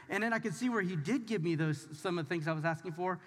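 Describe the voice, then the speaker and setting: A man's voice: sits high, fast talker. A man preaching a conversational sermon as pastor, talking straight to the audience in an informal, emphatic way. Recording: long hall reverb.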